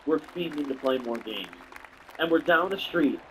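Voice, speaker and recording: Animated young man telling a rambling story. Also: on the high side, moderate pace, some chatter behind, slight background noise, rough recording. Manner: rambling, profane, slangy storytelling. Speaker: video creator. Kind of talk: casual storytelling to camera.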